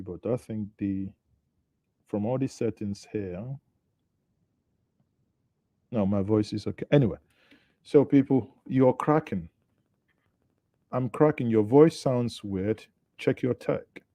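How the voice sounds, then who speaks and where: A man's voice: medium pitch, mellow, no room sound. A Nigerian man hosting a live online news show, chatting with viewers and commenting on the headlines. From Southeast Nigeria. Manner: chatty, greets viewers, thinks aloud. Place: studio.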